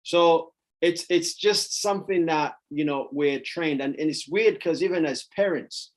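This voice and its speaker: A man coaching on sales in a casual Q and A over a video call, rambling and repeating himself, now and then acting out parents yelling no in a much higher voice. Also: unhurried, low-quality recording. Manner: rambling, repeats words, stumbles; acts out parents yelling no, voice jumping high. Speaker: sales coach answering questions. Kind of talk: casual Q and A session.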